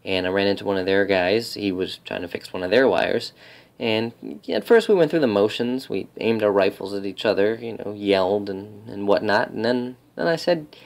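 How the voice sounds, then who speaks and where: An actor playing a cheerful, oblivious young soldier who tells stories in a rambling, laid-back way in a comedy sketch. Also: male voice, on the low side, expressive, normal speed, vocal fry.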